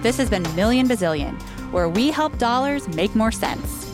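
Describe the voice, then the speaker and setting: A woman's voice: on the high side, expressive, moderate pace. Female podcast co-host, scripted announcements, music underneath.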